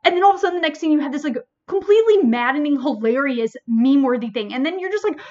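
A woman librarian hosting a casual review chat, animated and full of fillers like "like" and "um". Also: sits high, rapid-fire, dull audio. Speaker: librarian podcast host.

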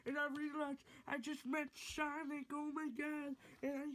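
A man voicing an excitable young male plush character who rambles and gushes, in a puppet comedy skit. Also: very high-pitched, a little slow. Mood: excited. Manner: gushing, rambling.

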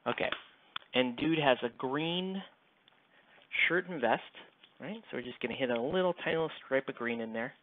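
A man of medium pitch talks at normal speed while live streaming his miniature painting. His casual, rambling chat into a headset mic is self-deprecating and packed with fillers, and it sounds tinny, like a phone.

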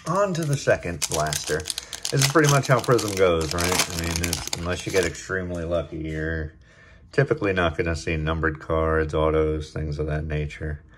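A man hosting a casual card-opening video, chatting in a relaxed way and getting excited over good pulls. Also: deep voice, moderate pace, noisy background. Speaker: card-opening channel host.

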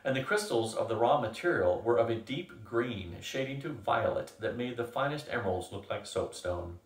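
An older man reading a novel aloud in a steady, measured way. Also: mid-range voice. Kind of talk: book reading. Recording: echoey room, from a distance.

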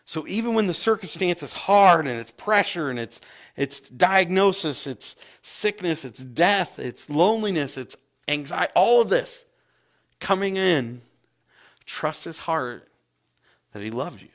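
A man's voice: a little high, expressive, measured pace, fairly bright tone. A man, a pastor preaching a sermon and acting out scripture scenes with big swings in his voice.

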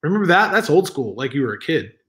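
A man's voice: on the high side, very animated, fast, fairly bright tone. A man filling in as host of a live stream from home, rambling and joking at himself while reading the chat aloud. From Southern California. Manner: rambling, self-mocking, reads chat aloud. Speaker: livestream stand-in host.

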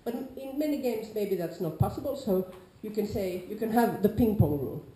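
Nordic woman teaching a class, mellow voice, acts out players loudly sometimes, roomy echo. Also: medium pitch, a little fast. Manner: lively, acts out quoted players with sudden loud calls. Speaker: lecturer on larp safety. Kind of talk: informal lecture to a class. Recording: echoey lecture room.

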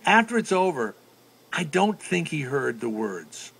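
A middle-aged man hosting a radio show, telling a story in casual chat with animated, rambling energy. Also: a little high, measured pace, gravelly, breathy edge. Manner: animated, breaks into loud sing-song la-las. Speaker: radio host.

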